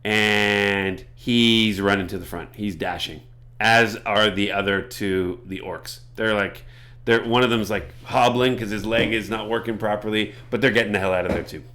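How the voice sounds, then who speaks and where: A man's voice: lowish voice, fairly even intonation, normal speed, pushed and bright. A man narrating a tabletop game as game master, chatty with self-deprecating asides.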